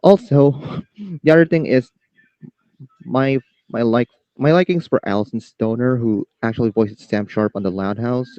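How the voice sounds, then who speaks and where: A man's voice: medium pitch, normal speed, dry recording, muffled recording. A man from the Philippines, a guest on a casual podcast, nervous and stammering, with frequent laughs.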